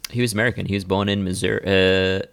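A man's voice: low-pitched, fairly even intonation, quick pace, creaky, a bit bright, clean tone. Laid-back man with dry asides. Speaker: podcast co-host. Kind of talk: casual chat.

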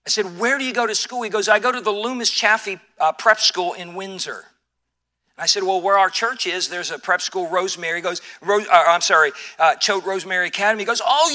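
A male pastor, older, preaching a sermon and telling a personal story, animated, with frequent restarts and fillers. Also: high-pitched, fairly quick.

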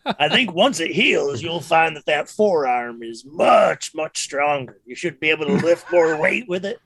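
Gravelly bright-voiced man. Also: on the high side, animated, a little slow. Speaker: player. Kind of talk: tabletop role-play.

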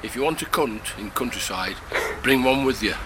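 Outdoors on a farm in mud and mist, a farmer with a medium-pitched, animated voice tells blunt, earthy rural jokes at a normal speed, laughing at his own punchlines. It's a field recording with background noise.

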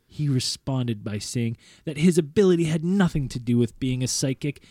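A man reading a first-person story aloud in a measured, earnest way, as a podcast host. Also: mid-range voice, mellow, no echo, clean studio sound.

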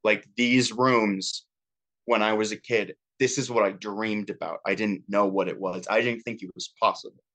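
Man leading a support group, lowish voice, earnest heartfelt share over a video call. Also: steady tone, moderate pace, fairly bright tone. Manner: earnest, heartfelt, filler-heavy with "like". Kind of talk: emotional personal sharing.

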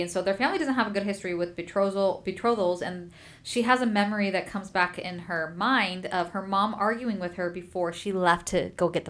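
A woman hosting a book podcast, chatting through a story recap and acting out the quotes. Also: medium pitch. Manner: chatty, animated, acts out quotes.

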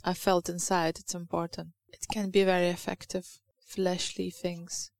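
A woman's voice: lowish voice, level tone, normal speed, creaky. A woman with a Lithuanian accent giving an informal sermon, hesitant and searching for words, reading scripture aloud. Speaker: church speaker.

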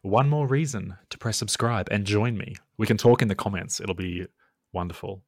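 A man rambles through a podcast chat and fills his sentences with "like". His very low voice has a gravelly, creaky edge. The recording is dry and close. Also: moderate pace, dry recording. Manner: rambling and chatty, says "like" constantly. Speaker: podcast co-host.

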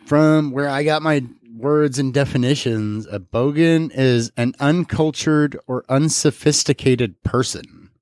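Podcast host, mid-pitched man, relaxed and chatty, dry close mic. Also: a little slow, few pauses, no echo. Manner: easygoing, explains with fillers. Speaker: podcast host running a game. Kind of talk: casual chat.

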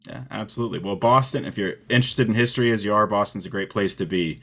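A man's voice: fairly low pitch, quick pace, a bit bright. A man co-hosting a fan podcast, interviewing a guest in a friendly, casual way. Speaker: podcast co-host.

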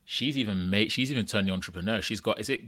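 A man with a low, bright-toned voice hosts a casual podcast chat. He rambles through questions, restarting sentences and checking in with "right?" as he goes. The sound is dry and close. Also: quick pace, no room sound. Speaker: podcast host.

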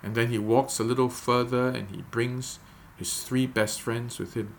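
A man leading a devotional guided meditation, gently coaching listeners step by step before reading scripture. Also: medium pitch, steady tone, normal speed, creaky, slight background noise. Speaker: devotional leader.

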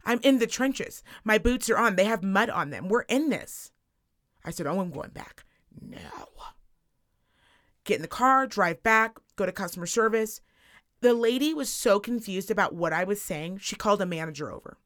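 A woman in her thirties co-hosting a casual podcast, telling a story in an animated, profane rant. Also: mid-range voice, normal speed. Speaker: podcast co-host. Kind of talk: casual chat.

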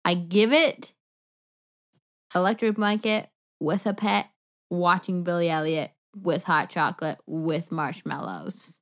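A woman from the American South co-hosts a casual podcast. She talks in a playful, jokey, animated way with a somewhat low voice. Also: slow. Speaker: podcast co-host. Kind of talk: casual chat.

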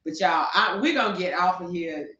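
A woman with a voice on the low side, pushed and bright, rants at a moderate pace as a podcast co-host. She fires rhetorical questions with passion in heated opinion talk on a talk show, and the audio is distant, echoey, and dull lo-fi.

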